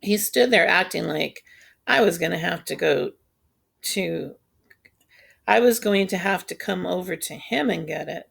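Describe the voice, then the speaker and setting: A woman reading a children's novel aloud in a steady, unhurried storytelling voice. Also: fairly low pitch, gravelly, breathy edge. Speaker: audiobook reader. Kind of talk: scripted narration.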